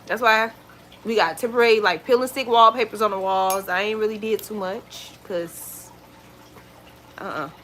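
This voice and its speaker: A woman vlogger chatting casually at home, retelling stories in an animated, exclaiming way. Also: medium pitch, moderate pace, a little hiss or hum. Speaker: lifestyle vlogger. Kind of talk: casual storytelling chat.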